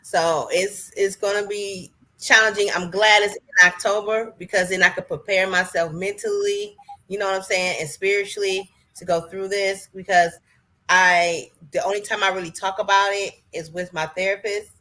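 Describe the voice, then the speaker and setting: Woman podcast guest, bright tone, rambling and earnest, lots of fillers. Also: medium pitch, steady tone, moderate pace. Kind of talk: casual podcast chat.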